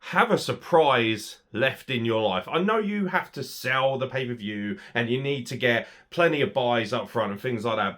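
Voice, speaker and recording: A British man hosting a wrestling review, talking bluntly and sarcastically with lots of swearing. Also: a bit bright. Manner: blunt, sweary, sarcastic, big swings in pitch and volume. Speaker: wrestling reviewer and podcast host. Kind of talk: casual opinionated review.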